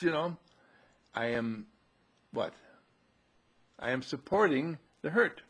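A man's voice: medium pitch, husky. A man giving a conversational spiritual talk, repeating himself and asking rhetorical questions. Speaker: spiritual speaker.

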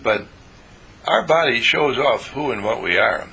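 Gravelly, bright-voiced older man rambling. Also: medium pitch, animated, unhurried. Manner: folksy, playful, meandering. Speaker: teacher of a spiritual group. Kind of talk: rambling spiritual talk.

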